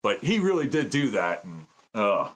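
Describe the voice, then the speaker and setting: A man in his fifties from the United States, a guest telling stories in a casual interview, excitable and acting out the voices he quotes. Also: fairly low pitch, normal speed, a little hiss or hum. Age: 50s. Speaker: podcast guest, veteran and citizen journalist.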